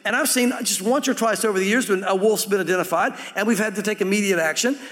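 A man's voice: high voice, quick pace, a bit bright, in a large hall. A man preaching a sermon as pastor, in a conversational way that slips into acting out quoted voices.

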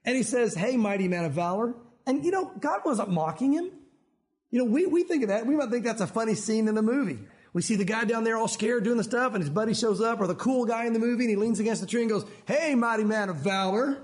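High-pitched, animated preaching man. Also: fast talker. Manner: animated, acts out voices in his stories. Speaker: pastor. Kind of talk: sermon.

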